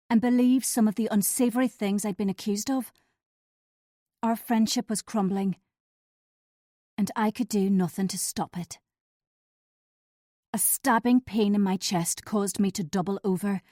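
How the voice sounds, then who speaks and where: A woman narrates a first-person suspense audiobook, measured and steady. Her voice is warm and mellow. The close mic gives a dry, roomless sound. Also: medium pitch, no room sound.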